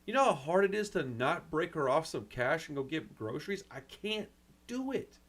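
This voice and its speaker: A man's voice: a little high, lively intonation, a little fast, fairly bright tone. A man who hosts his own channel and runs a record store, talking in a rambling, frustrated way, close to tears. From United States. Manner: rambling, frustrated, swears mildly, says "man" and "dude" often. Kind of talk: emotional personal rant to camera.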